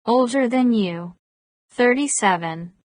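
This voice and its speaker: A woman voicing a guarded, persistent man in his thirties in an audiobook, at a slow pace. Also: fairly high pitch, darkish tone, no echo. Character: wary 37-year-old man, persistent and guarded.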